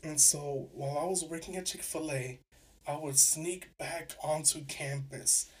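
A man's voice: fairly high pitch, steady tone, unhurried, recorded from a distance. A young man from New York City, hosting a podcast and animatedly retelling a story, acting out both sides of the conversation. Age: young adult. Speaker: podcast host. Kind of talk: casual storytelling.

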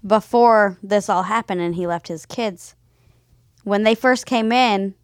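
A woman's voice: medium pitch, measured pace, no room sound, studio quality. A young woman animatedly telling a story in casual podcast chat.

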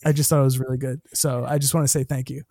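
A man's voice: mid-range voice, level tone, fast talker, dark tone, no room sound, studio quality, close to an everyday voice. A man voicing an overly polite male sports star who apologizes for interrupting and gushes thanks. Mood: apologetic.

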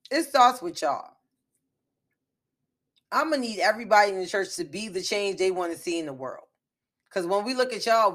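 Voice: mid-range voice, a bit bright. A commentator delivering an impassioned opinion monologue, emphatic and full of repeated rhetorical questions.

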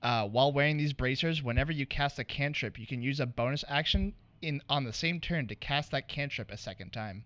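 A man hosts a casual trivia segment in a relaxed, easygoing way, with plenty of small hesitations as he reads out descriptions. His voice sits in a middle range and is recorded dry and close, with no room sound at all. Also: mid-range voice, a little fast, hardly any pauses, no room sound, dull audio. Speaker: quiz host. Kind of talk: casual podcast chat.

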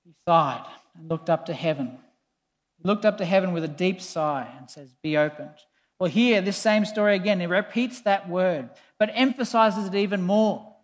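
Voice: medium pitch, normal speed. A preacher giving a conversational, emphatic sermon, often sounding exasperated. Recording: long hall reverb.

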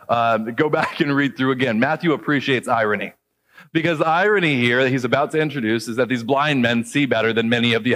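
A pastor delivering a sermon with a slightly high voice that echoes with long reverb through a church hall. He keeps it conversational and acts out the voices in the stories he tells, then slows down to read scripture aloud. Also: a bit bright.

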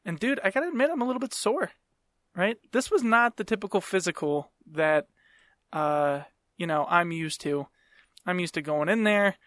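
A man's voice: sits high, expressive, moderate pace, a bit bright, no echo, studio quality. A man hosting a podcast, telling stories in a casual, rambling way, swearing freely and laughing mid-sentence. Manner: profane rambling storyteller. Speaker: podcast host. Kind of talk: casual chat.

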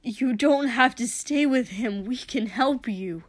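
A woman's voice: on the high side, slow pace, dry recording. A woman voicing a desperate, earnest teenage boy who pleads urgently. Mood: pleading.

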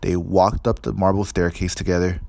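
A man reading a storybook aloud in steady, measured scripted narration. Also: low voice, vocal fry, no echo. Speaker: audiobook narrator.

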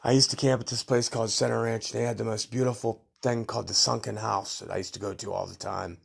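A man's voice: on the low side, little pitch movement, fast talker, vocal fry, slightly rough. A middle-aged man hosting a podcast, telling rambling, blunt stories from his youth in a casual monologue. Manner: rambling, blunt, tough-guy storytelling. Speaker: podcast host.

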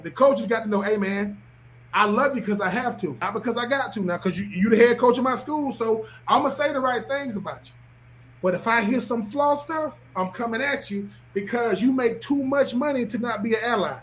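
A former football player holds forth on a podcast, preaching his points and circling back to repeat them. His voice sits unusually high for a man. A faint ambient hum runs underneath. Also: fairly quick. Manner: emphatic, preachy, repeats himself. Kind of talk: animated podcast talk.

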